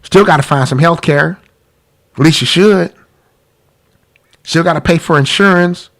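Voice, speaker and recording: A man's voice: a little high, a little slow, fairly bright tone. A man hosting a live-streamed talk about money, congested from a cold, earnest and pleading, repeating himself. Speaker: podcast host.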